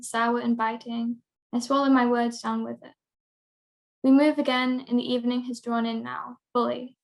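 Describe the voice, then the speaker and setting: A teenage girl reading her own prose piece aloud in a steady, measured way. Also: on the high side, vocal fry. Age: teens. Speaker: young writer.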